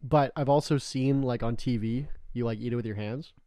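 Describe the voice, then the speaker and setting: A young man from Canada chats casually as a podcast co-host, wandering through his stories with constant "like" fillers, jokes and swearing. His voice sits at a middling pitch for a man. The recording is dry and close, with no room sound. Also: a little fast, dark tone, no room sound. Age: young adult. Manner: rambling storyteller, heavy filler "like", joking and swearing. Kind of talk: casual chat.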